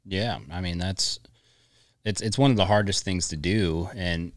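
Low-voiced joking podcast host man. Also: fairly even intonation, a little slow, no echo. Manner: joking, loose, jumps back to earlier topics. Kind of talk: casual podcast interview.

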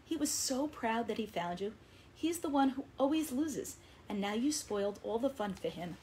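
A woman voicing Red Fin, a kind and patient young male fish who reassures his friends, in a gentle storybook reading. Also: on the high side, animated, moderate pace, slight background noise, pitched above the performer's own voice, lightly acted. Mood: gentle, coaxing.

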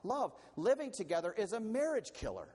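Animated, lively-pitched male pastor preaching. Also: brisk. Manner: animated, conversational preaching with frequent restarts. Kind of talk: sermon.

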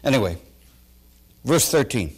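A pastor preaching a sermon to his congregation, folksy and animated, swinging between loud bursts and quiet asides. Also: medium pitch, a little slow, husky. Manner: folksy, talks straight to the congregation.

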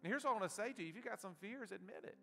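A male pastor preaching a sermon, surging loud with passion and then dropping to a soft hush. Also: high voice, expressive, rapid-fire, vocal fry. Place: church sanctuary. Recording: reverberant church hall with soft guitar.

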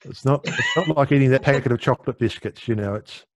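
A man's voice: medium pitch, fast talker, dry recording. A middle-aged man explaining meditation in an easygoing, conversational way, often restarting his sentences. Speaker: meditation teacher.

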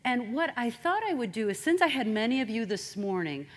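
A woman giving a motivational talk, animated and straight-talking. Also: fairly high pitch, a little fast. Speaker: speaker.

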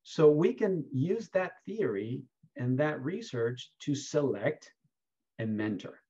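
A man answering questions as an award keynote speaker, telling stories in an animated, emphatic way. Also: mid-range voice, takes it slowly, breathy edge, lo-fi sound. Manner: animated, lively storytelling with emphatic rises.

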